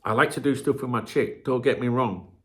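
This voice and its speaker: A man's voice: medium pitch, brisk. A middle-aged man, talking to camera in a rambling, sweary, casual chat as a channel host.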